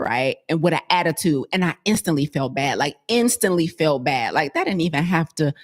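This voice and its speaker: A woman health coach talking casually to her viewers, telling stories in a chatty way and laughing often. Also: low voice.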